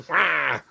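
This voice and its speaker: A man hosting a casual meme reaction video who drawls his comments slowly. He swears freely and laughs, with sudden loud outbursts. Loud music plays behind his voice the whole time. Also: a little high, gravelly.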